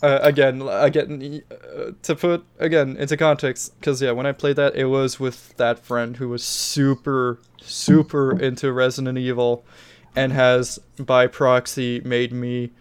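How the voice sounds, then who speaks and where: A man co-hosting a casual gaming podcast, swearing freely, laughing often and getting excitable. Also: mid-range voice, measured pace, clean tone. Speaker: podcast co-host.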